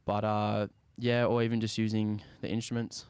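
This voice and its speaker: A young Australian man, a musician guest, talking casually in an interview in a laid-back, soft-spoken way that often trails off. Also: on the low side, level tone, normal speed, clear, resonant tone, no echo.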